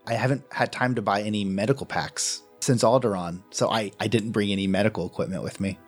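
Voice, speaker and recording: A man playing a tabletop game, narrating his character's actions in an unhurried storytelling way. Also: fairly low pitch, fairly even intonation, faint music behind. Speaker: player.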